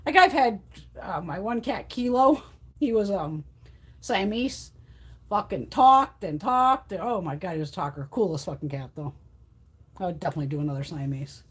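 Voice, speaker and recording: A woman's voice: fairly low pitch, expressive, normal speed, slightly rough. A woman hosting a live stream from home, chatting casually, swearing freely and laughing often. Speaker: livestream host. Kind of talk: casual chat.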